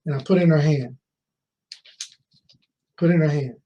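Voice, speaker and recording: A man's voice: a little high, a little slow, highs cut off, noisy background. A man in his fifties speaking at a conference, telling a personal story, asking the audience questions and repeating key phrases for emphasis. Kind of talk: motivational storytelling speech.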